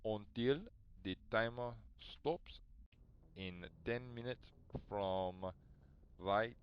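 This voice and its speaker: A man putting on a thick mock French accent, speaking slowly and haltingly in a hammy, playful way. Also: fairly low pitch, smooth, muffled recording. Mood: mock formal. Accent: put-on French.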